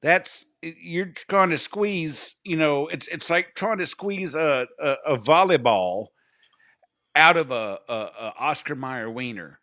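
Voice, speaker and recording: Male podcast co-host, crude blunt banter, bright forward tone. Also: a little high, slow pace. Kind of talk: casual podcast chat.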